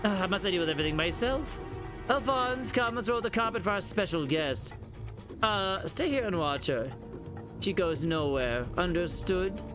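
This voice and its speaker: A man's voice: high voice, animated, normal speed, music in the background. A man voicing an impatient, pompous villain who orders his henchman around. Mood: bossy. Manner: bossy, exasperated.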